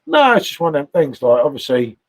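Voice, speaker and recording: Bloke rambling on his home live stream, gravelly husky voice, a bit high, keeps going "isn't it?". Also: big pitch swings, fairly quick. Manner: chatty, tags questions onto remarks. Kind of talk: casual live-stream chat. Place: home sitting room.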